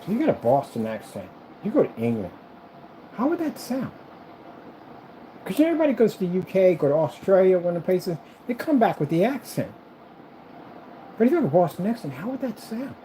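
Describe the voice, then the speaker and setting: A man's voice: sits high, very animated, quick pace, dark tone, slight background noise, low-quality recording. A man vlogging as he builds a computer, chatting casually in a rambling, repetitive and enthusiastic way. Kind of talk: casual chat while building.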